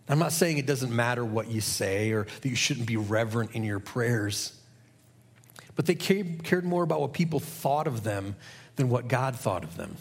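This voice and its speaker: Casting: middle-aged male pastor, slightly husky voice, earnest conversational sermon delivery. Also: medium pitch, lively intonation, normal speed. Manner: earnest, conversational preaching with rhetorical questions.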